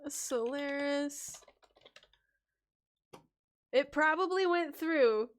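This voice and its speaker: A woman's voice: high-pitched, unhurried. A woman hosting a casual livestream and reading viewer names aloud from chat. She giggles often, gets distracted and stumbles over names as she scrolls. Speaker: livestream host and storytelling bard.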